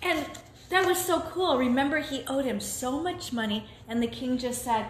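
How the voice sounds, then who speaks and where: A woman's voice: sits high, moderate pace, a little hiss or hum. Woman telling a kids Bible story. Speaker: children's church host. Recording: echoey room, phone camera.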